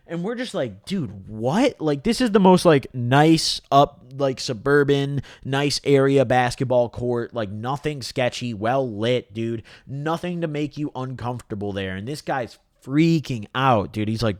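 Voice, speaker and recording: A young man spins a story to camera in loose, slang-heavy talk, his pitch leaping up and down as he goes. The sound is dry and close, with no room around it. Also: a little slow, few pauses, no echo. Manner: slangy, animated, lots of "dude" and "bro". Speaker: vlogger telling a story.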